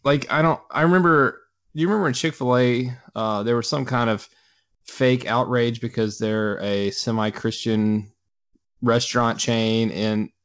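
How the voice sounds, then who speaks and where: A man's voice: mid-range voice, fairly even intonation, a little slow, a bit bright. A man co-hosting a casual talk show, rambling in an offhand way. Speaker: co-host. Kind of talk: casual radio chat.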